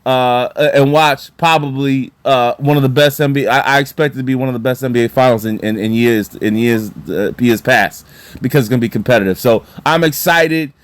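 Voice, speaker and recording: A man chatting casually about basketball as a vlogger, animated and excitable, with lots of fillers and repeated words. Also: mid-range voice, brisk, clean tone, dry recording. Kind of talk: casual sports talk.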